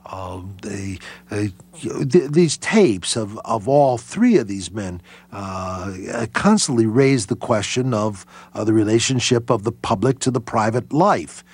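Man, historian guest, husky, halting, many fillers, lively pitch. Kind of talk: interview answers.

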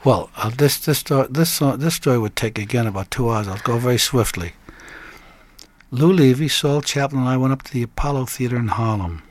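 An older man, a guest songwriter, telling a story in an animated way and breaking into snatches of song. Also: mid-range voice, a little fast. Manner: lively raconteur who breaks into snatches of song and laughs.

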